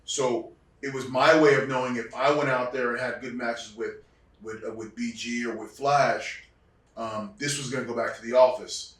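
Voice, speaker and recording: A man's voice: mid-range voice, fairly even intonation, moderate pace, fairly bright tone. Man telling wrestling stories in an echoey room. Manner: reflective, many restarts, acts out quotes. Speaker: guest, former wrestler. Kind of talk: storytelling interview. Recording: echoey room, distant mic.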